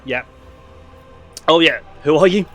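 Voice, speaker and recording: A man hosting a video game session, reading the game's text aloud and chatting in a relaxed, rambling way. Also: fairly high pitch, a little slow, faint music behind. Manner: relaxed, rambling, full of fillers. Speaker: host.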